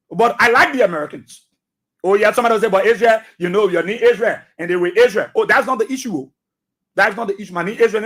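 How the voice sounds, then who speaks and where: Emphatic high-voiced Liberian radio host. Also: male voice, pushed and bright, breathy edge. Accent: Liberian English. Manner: emphatic, repeats phrases, fires rhetorical questions. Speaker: radio talk show host. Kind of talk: commentary monologue. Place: radio studio.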